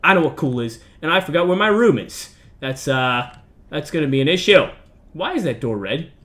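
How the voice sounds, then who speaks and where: Doing let's-play commentary on a horror game, this man rambles and jokes, addressing both himself and the characters as he flips from mock outrage to mumbled asides. His fairly high, fairly bright voice has big pitch swings at a moderate pace.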